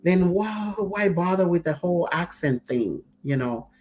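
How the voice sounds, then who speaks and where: Woman talk show co-host, chatty, animated storyteller, acts out quotes. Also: lowish voice, a little slow, faint music behind. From Zambia. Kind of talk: casual chat.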